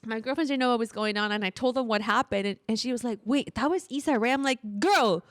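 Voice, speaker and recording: A woman in her thirties co-hosts a podcast, her fairly high voice quick and smooth in clean studio sound with no echo. Animated and laughing often, she tells a story in casual conversation and acts out the quotes.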